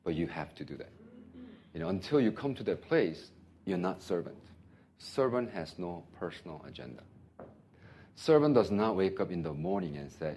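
Husky-voiced man preaching with animated stories. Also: sits low, normal speed. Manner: animated storytelling with laughter. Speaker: pastor. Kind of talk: sermon.

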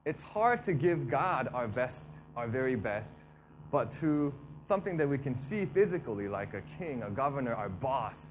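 A man giving a casual, conversational sermon, talking through the text in a relaxed way and often repeating himself. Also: mid-range voice, normal speed, background noise. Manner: relaxed, repeats himself, acts out complaining voices. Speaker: preacher.

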